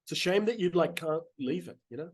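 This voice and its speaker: Kiwi guy on a podcast, husky voice, laid back, swears a lot. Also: a little high, brisk. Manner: relaxed, swears casually, trails off. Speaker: podcast guest. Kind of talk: casual chat.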